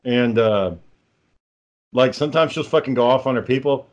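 A man's voice: mid-range voice, moderate pace, a little mellow. A man telling rambling, profane stories in casual chat, laughing as he goes.

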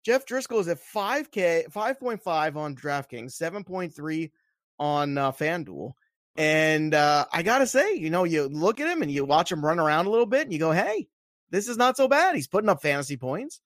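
A man's voice: fairly high pitch, sing-song, moderate pace, a bit bright, dry recording, clean studio sound. A man co-hosting a fantasy football show, chatting casually and emphatically, repeating points for emphasis. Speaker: fantasy football podcast co-host. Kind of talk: casual sports betting chat.

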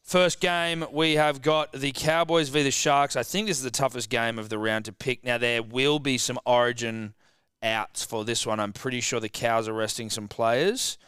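A young Australian man hosting a sports betting chat, brash and quick to swear and joke. His voice is smooth and resonant, in a mid register. The sound is dry and close. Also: medium pitch, steady tone, a bit bright, no echo. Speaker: podcast host.

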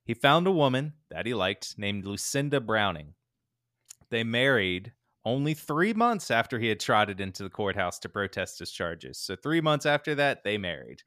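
A lower-pitched man telling a story casually, leaning on fillers and building to the exciting bits. The sound is dry and close, with no room around it. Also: moderate pace, no echo. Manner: laid-back, animated retelling with fillers. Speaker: podcast co-host telling the story.

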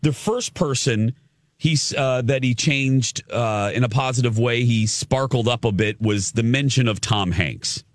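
A man's voice: medium pitch, measured pace, dry recording, clean studio sound. A man hosting an entertainment show, chatting casually and enthusiastically as he retells a celebrity encounter in a gushing, storytelling manner. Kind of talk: casual chat.

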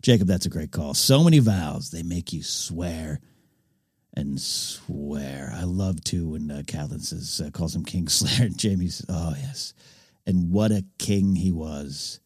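Male podcast host, lower voice, dry booth sound, eager and rambling. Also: a little slow, a little mellow, husky, dry recording. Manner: enthusiastic, rambling, with frequent restarts. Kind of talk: casual episode recap commentary.

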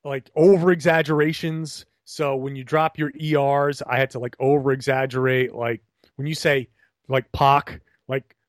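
A man's voice: mid-range voice, fairly even intonation, normal speed, no echo. A young man from Rhode Island with a trained, neutral broadcast voice, chatting animatedly in a podcast interview, often restarting his sentences. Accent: neutral General American, trained. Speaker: guest, broadcaster and blogger.

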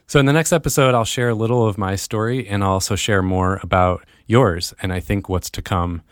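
A man hosting his own podcast, talking straight to listeners in an earnest monologue that lifts into excited bursts. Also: on the low side, fairly quick, dry recording, clean studio sound. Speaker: podcast host.

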